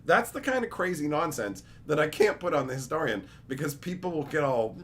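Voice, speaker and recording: A man's voice: fairly high pitch, expressive, fairly quick, fairly bright tone, a little hiss or hum. A young man chatting casually on a livestream, rambling, joking and swearing freely. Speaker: streamer.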